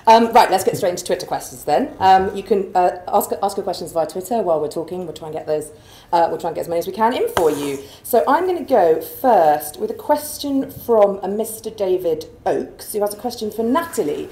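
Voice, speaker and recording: A woman's voice: medium pitch, animated, brisk, hardly any pauses, dark tone, slight background noise. A woman hosting a live interview and reading out viewer questions in a bubbly, upbeat, enthusiastic way. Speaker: host. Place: office event space. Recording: echoey room.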